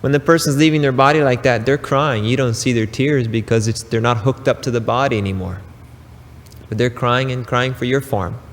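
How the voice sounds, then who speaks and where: Slow, emphatic male spiritual teacher. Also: mid-range voice, steady tone, in a large hall. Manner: slow, emphatic preaching with long pauses and asides. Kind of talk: recorded spiritual talk.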